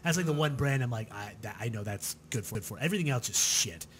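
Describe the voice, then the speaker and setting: A man's voice: medium pitch, fast, heavy background noise. A young man co-hosting a comedy podcast, ranting casually with plenty of swearing. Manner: profane, animated ranting with laughs. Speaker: podcast co-host.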